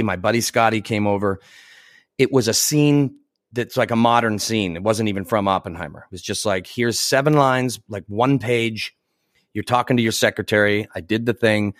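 A man's voice: fairly low pitch, no room sound, clean studio sound. A middle-aged man, an actor, telling casual stories in a chatty way, laughing often and acting out what people said. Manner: chatty, laughs often, acts out quoted voices. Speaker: actor guest. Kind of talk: casual anecdotal storytelling.

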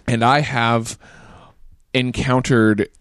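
A man's voice: medium pitch, level tone, very slow, fairly bright tone, clear, resonant tone, no room sound. A man hosting a casual podcast, ranting in a profane, exasperated way and swearing often. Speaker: podcast host.

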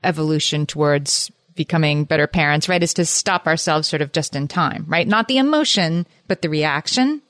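A woman's voice: deep voice, moderate pace, hardly any pauses, fairly bright tone, dry recording. A woman podcast host interviewing a guest, summing up points and checking back with her. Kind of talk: conversational interviewing.

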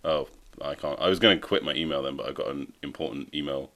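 A man's voice: very deep voice, fast talker, a bit bright. A man co-hosting a casual podcast chat, laid-back and joking, laughing often. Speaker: podcast co-host.

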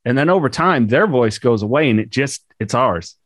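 A man's voice: mid-range voice, normal speed, dry recording. Man hosting a podcast, dry close sound. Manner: relaxed, searching, many fillers. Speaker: podcast host. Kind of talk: conversational interview.

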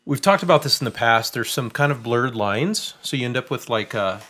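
A man hosting a podcast as a spirits writer, explaining drinks in a relaxed, chatty way with plenty of fillers. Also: medium pitch, brisk. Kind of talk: casual tasting chat.

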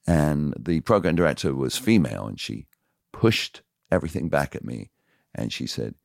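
Very deep-voiced older English man telling stories. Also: normal speed, creaky, dry recording, clean studio sound. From England. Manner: animated anecdotes, lively voiced quotes. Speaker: podcast guest, radio DJ. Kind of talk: casual storytelling.

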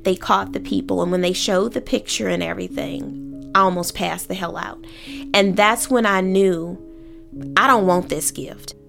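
Gravelly woman telling a dramatic story. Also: mid-range voice, normal speed, faint music behind. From Oakland, California. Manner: vivid, animated, dramatic telling. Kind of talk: personal storytelling.

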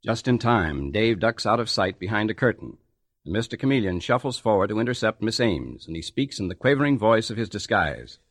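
A man narrating an old-time radio drama in a measured, announcer-like voice. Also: on the low side, very animated, no room sound, studio quality.

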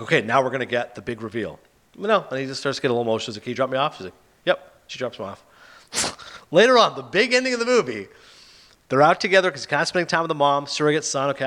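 Fast-talking animated male film reviewer. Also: medium pitch. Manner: animated, sarcastic retelling of plots. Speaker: podcast host reviewing films. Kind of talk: casual chat.

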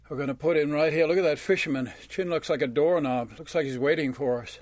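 A man performing a story, animated, with chanting and sound mimicry. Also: on the high side, fast, hardly any pauses, dry recording, studio quality.

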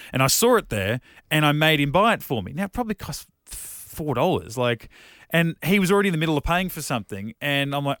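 A man's voice: on the high side, very animated, fairly quick, a bit bright, no echo, studio quality. A man in his thirties, co-hosting a podcast in casual chat and telling rambling stories with plenty of swearing. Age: 30s. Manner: rambling storyteller who swears freely. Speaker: podcast co-host.

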